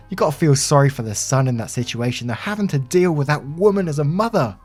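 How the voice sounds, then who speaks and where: A man's voice: on the high side, animated, fast. Man narrating reddit stories. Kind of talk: scripted story narration. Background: soft background music.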